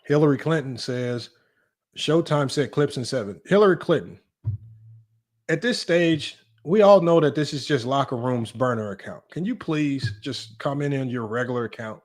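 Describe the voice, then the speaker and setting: A man hosting a sports debate livestream, talking brashly and teasing his chat in quick casual commentary. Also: mid-range voice. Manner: brash, rapid, teasing, talks straight to chat. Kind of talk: casual live-stream commentary.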